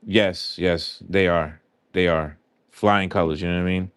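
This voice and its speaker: A man's voice: low-pitched, fairly even intonation, a little slow, clear, resonant tone, dry recording, studio quality. A man hosting a live stream, chatting casually and earnestly with lots of fillers while scratching lottery tickets. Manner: rambling, heartfelt, filler-heavy.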